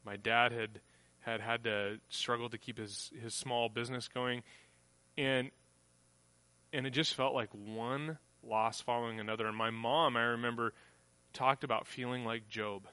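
A man's voice: mid-range voice, fairly even intonation, measured pace, pushed and bright, clean tone, no echo. A man preaching a sermon in a conversational way, acting out the voices of people he quotes. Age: adult, grew up on a farm family. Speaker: pastor.

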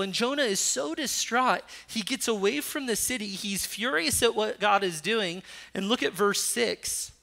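Man, pastor, sermon, high voice, bright tone, reads scripture aloud, rises sharply for anger. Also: measured pace, vocal fry. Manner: rises sharply when voicing Jonah's anger; reads scripture aloud between teaching points.

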